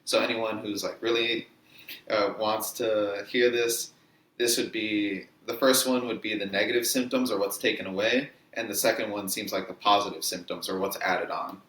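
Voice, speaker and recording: Lowish guy reading out criteria earnestly, lots of uh and like, echoey room. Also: fairly even intonation, moderate pace, a bit bright. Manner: earnest, reads out lists with fillers. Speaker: podcast co-host. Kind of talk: casual chat, explaining criteria. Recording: echoey room with faint noise.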